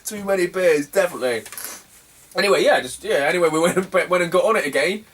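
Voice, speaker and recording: A man's voice: sits high, lively intonation, fast talker, fairly bright tone. A young man, a retro gaming YouTuber telling stories to camera in a rambling, sweary way, often breaking into laughter. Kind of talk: casual storytelling to camera.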